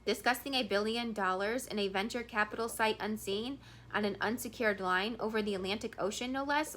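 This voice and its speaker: A woman reading a thriller novel aloud in a steady storytelling manner, with a few small restarts. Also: medium pitch, a little hiss or hum. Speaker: audiobook reader.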